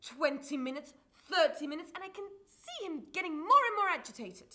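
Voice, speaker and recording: A woman's voice: extremely high pitch, very animated, a little fast, pushed and bright, full character voice. An actress playing a flamboyant single woman who dramatically recounts a disastrous date on stage, swearing freely. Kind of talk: live stage comedy storytelling.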